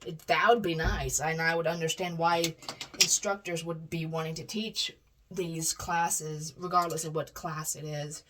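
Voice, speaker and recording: A woman's voice: low voice, fairly even intonation, measured pace, fairly bright tone, a little hiss or hum. A woman telling a personal story casually, rambling with frequent restarts and self-corrections.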